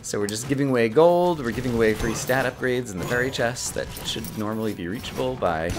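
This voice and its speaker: A man hosting a gaming video delivers quick, excitable let's-play commentary in a mid-range voice. His words sometimes tangle as he talks, and game music plays in the background.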